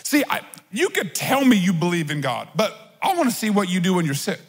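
A man's voice: high-pitched, very animated, brisk, breathy edge. A man preaching a sermon as pastor, talking conversationally and animatedly, acting out little voices. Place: large church hall. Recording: long hall reverb.

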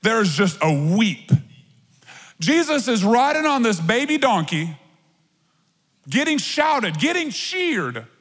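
Animated high-voiced preacher in a reverberant hall. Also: male voice, slightly rough. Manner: animated, conversational preaching with asides. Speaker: pastor. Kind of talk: sermon. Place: church auditorium. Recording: long reverb of a large hall.

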